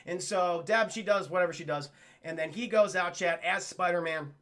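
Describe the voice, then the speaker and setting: A man's voice: sits high, moderate pace, fairly bright tone. A man streaming a profane, rambling recap of a cartoon episode and talking to his chat.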